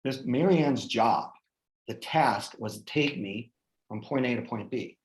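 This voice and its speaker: A man in his forties, a guest speaker, telling a personal story in an animated way with many fillers and restarts. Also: mid-range voice, measured pace, reverberant, low-quality recording. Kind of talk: personal storytelling in a group talk.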